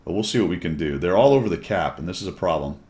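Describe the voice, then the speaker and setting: A man's voice: low voice, lively intonation, fast talker, darkish tone. A man commenting on his own tank gameplay in a chatty, wry way, with jokey asides to viewers.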